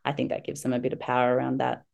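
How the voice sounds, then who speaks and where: A woman, a parenting instructor telling animated stories as an interview guest, acting out quotes. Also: rapid-fire, creaky. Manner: animated, acts out quotes in high voices. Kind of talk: casual storytelling interview.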